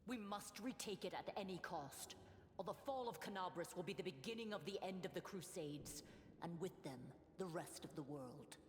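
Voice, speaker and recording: Actress as a commanding female warden in a fantasy game; low-pitched, echoey with long reverb. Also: animated, moderate pace, slight background noise, close to an everyday voice. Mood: earnest command. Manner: earnest and commanding. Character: stern female half-orc warden, battle leader. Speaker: temporary warden leading the defense.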